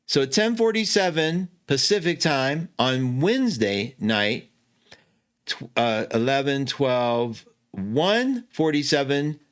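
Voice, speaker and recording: A man hosting an astrology show, explaining a chart in a chatty, animated way that keeps correcting itself, with easy laughs. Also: medium pitch, slow pace, clear, resonant tone. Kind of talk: casual teaching talk.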